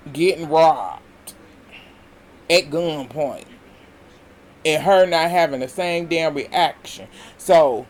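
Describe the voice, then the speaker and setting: A man casually recapping a reality TV episode, retelling the scenes with lots of laughter and acting out what the cast said. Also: high-pitched. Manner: animated retelling, voicing the cast's lines, laughing often.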